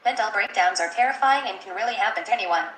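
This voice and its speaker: A woman reading viewer comments aloud in an even, flat way. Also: mid-range voice, quick pace, echoey room, low-quality recording.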